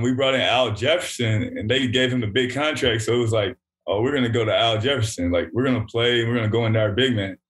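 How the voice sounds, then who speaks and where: A man's voice: medium pitch, fairly bright tone. A man in his thirties, a former pro basketball player, chatting easily as an interview guest and laughing often while he tells stories. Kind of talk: casual interview chat.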